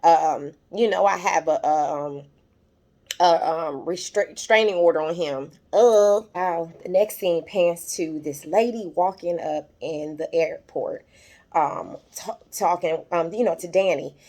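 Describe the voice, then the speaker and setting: A woman's voice: lowish voice, unhurried, darkish tone. Chatty woman recapping a TV episode. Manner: chatty, retells scenes quoting characters, many fillers; gets emotional, voice rises when moved. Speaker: YouTube TV recap host.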